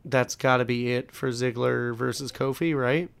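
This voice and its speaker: Smooth-voiced young man chatting casually. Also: mid-range voice, steady tone, moderate pace, no room sound. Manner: short agreeing interjections, fillers like "like". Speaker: podcast co-host. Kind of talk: casual wrestling review chat.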